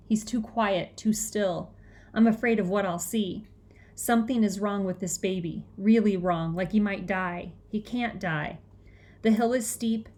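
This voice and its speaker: Woman, audiobook narrator, first-person storytelling, tense and breathless. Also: medium pitch. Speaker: audiobook reader.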